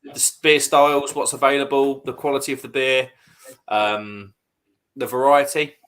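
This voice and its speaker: A man's voice: mid-range voice, little pitch movement, normal speed, a bit bright, clear, resonant tone. A man co-hosting a casual livestream, talking eagerly and with strong opinions about beer. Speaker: livestream co-host. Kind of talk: casual chat over a beer.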